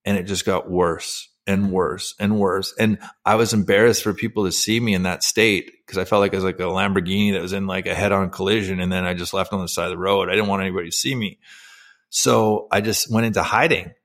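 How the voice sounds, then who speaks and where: A middle-aged man with a somewhat low voice tells his own story as a podcast guest. He speaks earnestly and emotionally, full of fillers and restarts, in a candid conversational way. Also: steady tone, brisk, a bit bright. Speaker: podcast guest, former pro hockey player.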